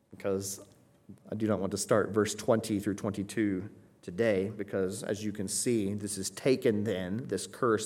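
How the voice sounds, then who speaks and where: A man teaching a Bible passage, earnest and emphatic, slowing down to explain Greek wording and often checking in with "right?". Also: on the low side, darkish tone.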